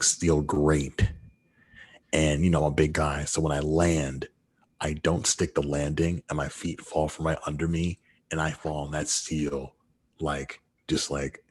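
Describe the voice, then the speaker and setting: Very deep, husky-voiced man telling a story. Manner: laid-back, profane, slangy storytelling. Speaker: podcast co-host. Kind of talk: casual storytelling chat.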